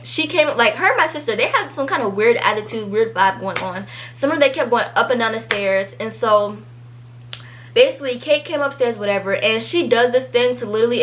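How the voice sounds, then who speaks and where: A woman's voice: a little high, fairly bright tone. A teenage girl telling a casual storytime, chatty and full of fillers, livening up when she quotes people. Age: teens.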